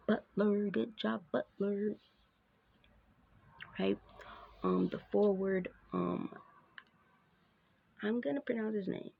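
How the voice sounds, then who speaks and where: A woman's voice: mid-range voice, creaky, breathy edge, narrow, tinny audio. A woman hosting her own basketball show, chatting casually through a sports recap with lots of fillers and asides.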